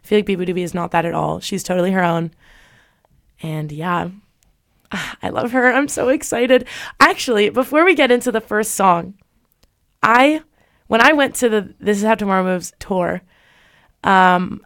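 A woman's voice: mid-range voice, moderate pace, long pauses, fairly bright tone. A young woman hosts a casual podcast, telling a story in a chatty way with frequent "like". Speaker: podcast host.

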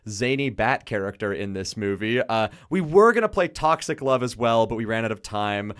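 A man's voice: lowish voice, lively intonation, normal speed, fairly bright tone, clean tone. A man hosting a casual campus radio chat show from a studio, playful and laughing often. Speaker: radio host.

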